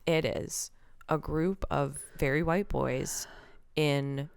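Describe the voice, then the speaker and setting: Low-voiced woman podcast co-host. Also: takes it slowly, creaky, clean tone, no room sound, studio quality. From Canada. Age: 30s. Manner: animated, swearing, laughing. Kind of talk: casual chat.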